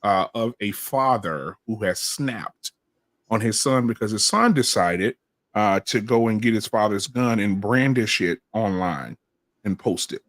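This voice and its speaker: A man hosting a podcast, setting up a clip and prompting panelists in a measured way with many fillers. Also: lowish voice, lively intonation, fairly bright tone, no room sound. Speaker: podcast host.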